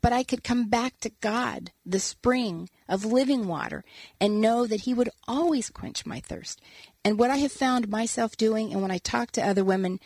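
A woman, an author and guest, telling a personal story in an earnest, animated way and acting out quotes as she talks. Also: a little high, no room sound. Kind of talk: casual storytelling conversation.

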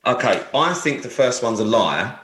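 A man's voice: mid-range voice, sing-song, normal speed, fairly bright tone. A man co-hosting a casual chat, asking teasing mock-detective questions with crude banter. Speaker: co-host. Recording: echoey room.

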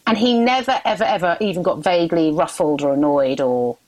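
A woman's voice: fairly low pitch, a little fast, a little mellow, poor audio. British female comedian, frank casual podcast talk. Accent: British English.

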